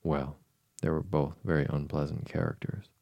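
Alice, a prim little girl, as a deep-voiced man reads her. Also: fairly even intonation, moderate pace, creaky, darkish tone, dry recording. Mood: earnest. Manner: prim, indignant, then timid. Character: polite earnest little girl. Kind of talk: audiobook character reading.

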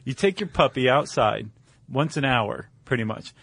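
A man co-hosting a chatty podcast, explaining in a relaxed, wry way with the odd filler. His voice sits at an ordinary pitch for a man. The sound is close and dry, with no room around it. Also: moderate pace, vocal fry, breathy edge, no echo. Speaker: podcast co-host. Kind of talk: casual chat.

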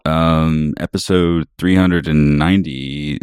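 A man's voice: a bass voice, steady tone, takes it slowly, darkish tone, clean tone, no echo, studio quality. A man co-hosting a podcast in casual chat over a remote call, playful and teasing. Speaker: podcast co-host.

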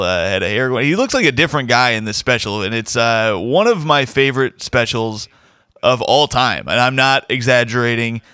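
Male podcast host, casual and rambling, bright tone, dry close mic. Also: medium pitch, smooth, no echo. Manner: rambling, enthusiastic, with fillers. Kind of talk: casual chat.

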